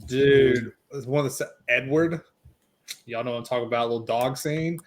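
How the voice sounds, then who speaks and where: A young man hosting a casual podcast chat, excitable and swearing freely. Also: medium pitch, moderate pace. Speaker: podcast host.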